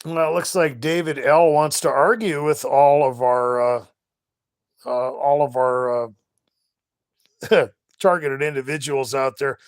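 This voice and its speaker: A middle-aged man hosting a live stream, talking casually and rambling with many halting restarts. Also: mid-range voice, steady tone, dry recording. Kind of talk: casual livestream monologue.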